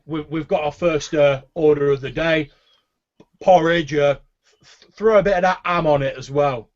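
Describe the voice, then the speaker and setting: A man's voice: mid-range voice, steady tone, fairly quick, a bit bright, highs cut off, voice pushed up, lightly acted. A man voicing a surly, blunt male orc barkeep who talks crude and brusque. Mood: shouting.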